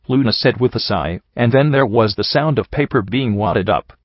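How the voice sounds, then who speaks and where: A man narrating a first-person story in a steady reading voice. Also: mid-range voice, normal speed, hardly any pauses, no echo, dull audio.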